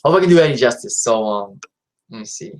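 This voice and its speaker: A man's voice: mid-range voice, lively intonation, quick pace, darkish tone, poor audio. A man hosting a live stream in a casual, rambling way, with lots of fillers and restarts.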